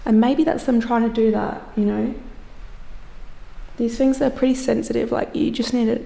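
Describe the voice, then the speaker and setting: A woman vlogging from inside an old building, chatting in hushed tones and speaking directly to spirits. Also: a little high, steady tone, normal speed, vocal fry. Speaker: ghost-hunting vlogger. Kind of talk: casual vlog narration. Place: inside an old hospital room.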